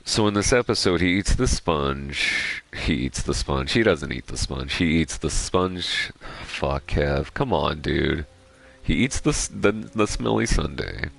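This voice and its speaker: Very deep, gravelly man rambling. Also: animated, unhurried, a bit bright, no room sound. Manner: digressive, joking, profane. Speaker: gaming streamer. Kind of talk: rambling gameplay commentary.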